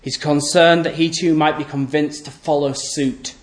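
A man's voice: level tone, moderate pace. Emphatic male preacher in an echoey room. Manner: emphatic, repeats key phrases, asks rhetorical questions; voice often drops low and soft at the end of phrases. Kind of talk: sermon.

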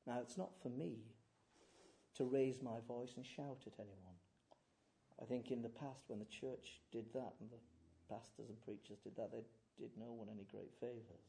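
A man preaching a sermon. He swings from hushed, near-whispered lines to loud, emphatic declamation. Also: mid-range voice, moderate pace, vocal fry, a little hiss or hum.

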